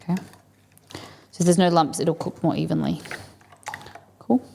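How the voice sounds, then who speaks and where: A woman's voice: lowish voice, fairly even intonation, normal speed, vocal fry, mellow, a little hiss or hum. Chatty woman host cooking on stream. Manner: chatty, thinking aloud while cooking. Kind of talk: casual cooking demonstration.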